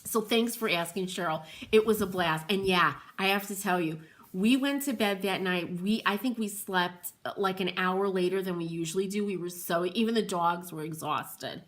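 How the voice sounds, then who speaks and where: A woman's voice: mid-range voice, moderate pace. A middle-aged woman hosting a livestream, chatting in a rambling way, laughing often and calling out viewers by name. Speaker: host of a furniture painting livestream.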